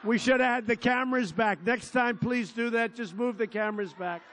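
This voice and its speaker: A man's voice: very high-pitched, normal speed, slight background noise. Boastful older man giving a rally speech. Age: 70s. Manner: boastful, digressive, repetitive, bursts into shouting. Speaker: politician at a rally. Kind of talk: rambling campaign rally speech. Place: large outdoor field rally.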